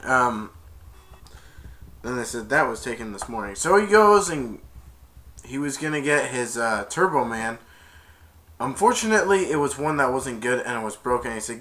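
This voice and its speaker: Young male amateur reviewer, animated, bright tone, casual scene-by-scene retelling. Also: mid-range voice, moderate pace. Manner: excitable, acts out characters' lines in voices.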